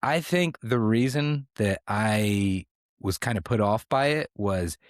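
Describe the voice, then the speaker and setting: Man, low voice, lively swings, dry close sound, rambling mock-serious podcast banter. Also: slow pace, no room sound. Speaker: podcast co-host. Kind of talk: casual comedic podcast chat.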